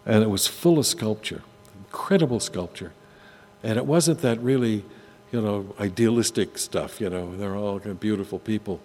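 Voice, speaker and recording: An older man telling personal stories to an audience in a conversational way, often halting and restarting his sentences. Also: low voice, a little mellow. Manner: halting, with frequent restarts and asides. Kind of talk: conversational storytelling talk. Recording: long hall reverb, faint hum.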